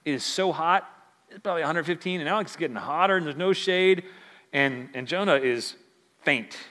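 A man's voice: on the high side, moderate pace, pushed and bright, in a large hall. A male pastor preaching a sermon in a conversational, emphatic way in a church.

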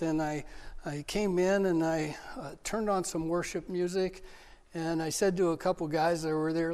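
A middle-aged man pastor preaching with a fairly high voice, moving between fervent urging and quiet, halting storytelling. He repeats and restarts phrases as he speaks. His voice rings with a long reverb from a large hall. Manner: impassioned preaching with repeated restarts, dropping to a soft personal tone. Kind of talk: sermon.

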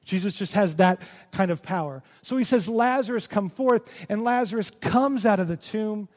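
A male pastor delivers a heartfelt sermon with a rather high-pitched voice. He pushes some phrases out with force and drops others to a hush. His words ring out with a long echo through a large church sanctuary. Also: moderate pace. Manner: impassioned, swinging from loud emphasis to hushed near-whispers. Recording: long reverb of a large hall.

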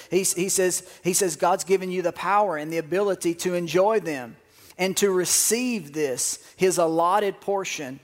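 A man preaching a sermon as pastor, telling joking stories with bursts of laughter. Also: high-pitched.

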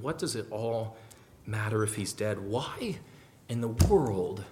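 A man preaching a sermon, rising to loud emphatic questions and then dropping to quiet, low musing. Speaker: pastor.

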